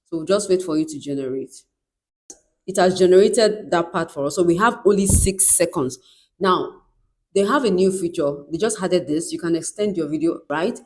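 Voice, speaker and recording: A woman's voice: fairly low pitch, normal speed, darkish tone. A woman giving a step-by-step screen tutorial in an instructive way, often checking in with "right?". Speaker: tutorial presenter.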